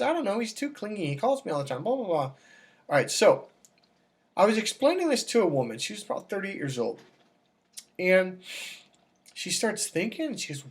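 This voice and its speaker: A man working as a dating coach, talking casually to camera and telling stories with acted-out dialogue. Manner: animated storytelling, acts out dialogue with raised pitch.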